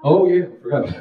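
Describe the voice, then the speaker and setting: An older man preaching a fervent testimony sermon, shouting hallelujahs and whooping between stretches of storytelling. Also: fairly high pitch, dull audio, slight background noise. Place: church sanctuary. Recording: echoey church from far off.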